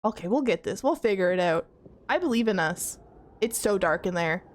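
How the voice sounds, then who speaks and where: A woman's voice: mid-range voice, lively intonation, moderate pace. A young woman streaming a horror game, jittery and talking to her chat as she checks things off aloud. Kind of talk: casual horror game let's play.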